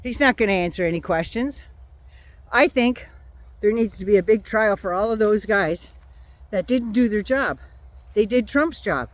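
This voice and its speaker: An older woman vents in a casual, blunt monologue, sarcastic and quick to swear. Her pitch swings widely as she talks. She has a runny nose from a cold. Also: animated, no room sound. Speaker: vlogger. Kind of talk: casual political rant.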